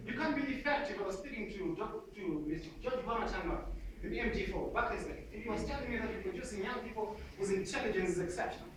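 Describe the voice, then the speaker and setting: A man, coaching an audience on public speaking in a lively seminar style and calling out to the crowd. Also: high voice, fast talker. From Zimbabwe. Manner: energetic, calls out to the audience. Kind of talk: motivational seminar talk. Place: large hall with an audience. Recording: echoey hall from far off, audience noise.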